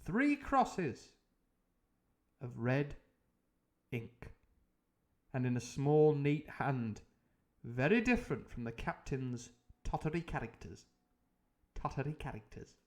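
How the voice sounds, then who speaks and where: A man's voice: mid-range voice, sing-song, slow, long pauses. Rambling man reading aloud with jokes. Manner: rambling and jokey, full of tangents and fillers. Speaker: streamer reading a novel aloud. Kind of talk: live book reading with comic asides.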